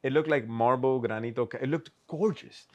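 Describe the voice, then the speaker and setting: A man, a podcast guest, telling a story in an animated, casual way, swearing freely and acting out the lines of the people in it. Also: mid-range voice, moderate pace, muffled recording. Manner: animated, swears, acts out quoted dialogue. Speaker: podcast guest, custom shoe artist.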